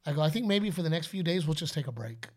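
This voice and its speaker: This podcast co-host, a father, has a notably high voice and spins stories in a relaxed chat. Expressive and lively, he readily slips into playful shouted announcer voices.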